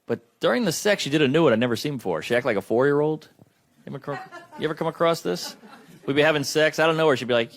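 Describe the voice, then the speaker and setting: A man's voice: a little high, fast talker, gravelly, long pauses, a little hiss or hum. A man performing a stand-up comedy set on a club stage, wry and self-deprecating, acting out both sides of his stories.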